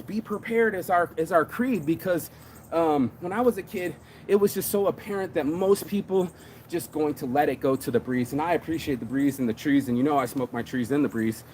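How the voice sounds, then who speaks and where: A middle-aged man hosting a morning motivation show, talking fast and profane, calling everyone "bro". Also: a little high, a little hiss or hum. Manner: profane, energetic, says "bro" a lot. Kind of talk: fired-up casual motivational rant.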